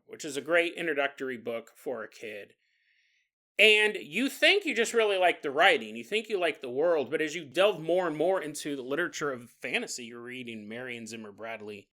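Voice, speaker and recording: A man's voice: a little high, pushed and bright. A man hosting a podcast alone, talking casually and playfully, often laughing at his own jokes. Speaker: podcast host. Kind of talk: casual monologue.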